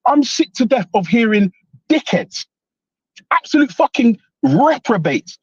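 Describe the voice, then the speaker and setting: Furious, swearing man, husky and high. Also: lively intonation, unhurried, no echo, muffled recording. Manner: furious, swearing, repeating himself. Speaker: panelist. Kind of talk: heated live online panel debate.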